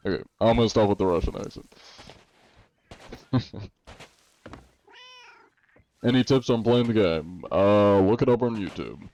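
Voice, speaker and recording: A man's voice: fairly low pitch, unhurried, long pauses, darkish tone, dull audio. An American man streaming, chatting casually with viewers in a rambling way, with laughs and many fillers. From United States.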